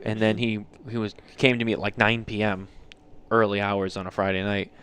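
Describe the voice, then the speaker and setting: A man's voice: fairly low pitch, monotone, fairly quick, a bit bright, clean tone. A man hosting a podcast, chatting casually, joking and teasing his co-hosts with some swearing. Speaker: podcast host. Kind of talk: casual chat. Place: podcast studio lounge.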